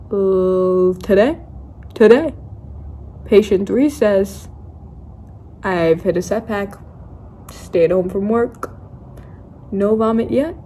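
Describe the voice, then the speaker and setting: A woman's voice: medium pitch, dark tone, a little hiss or hum. A young woman vlogging, telling a story in a casual, dramatic, self-mocking way and acting out her own quotes. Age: young adult.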